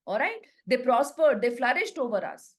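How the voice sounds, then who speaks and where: A woman teacher, her voice sitting a touch higher than most women's. She reads each line of the play slowly, then restates it in plain words for her students, patient and explanatory. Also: very animated. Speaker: literature teacher.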